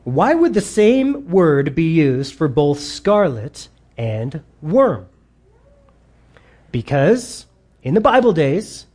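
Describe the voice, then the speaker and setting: A man's voice: a little high, darkish tone. A man preaching a sermon with enthusiasm, reading quotes aloud and exclaiming over them. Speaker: pastor.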